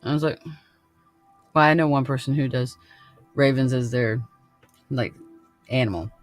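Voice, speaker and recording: A man's voice: mid-range voice, measured pace, soft background music. A man hosting a podcast in casual chat, laid-back and laughing often, swearing freely. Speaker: podcast host.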